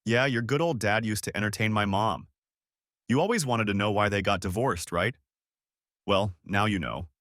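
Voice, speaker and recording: A bitter, scheming ex-friend spits out his words with sneering spite, as a man acts him out. The voice is low and dry, recorded close with no room sound. It is read as part of a spoken story. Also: moderate pace, a bit bright, no room sound, lightly acted. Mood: spiteful.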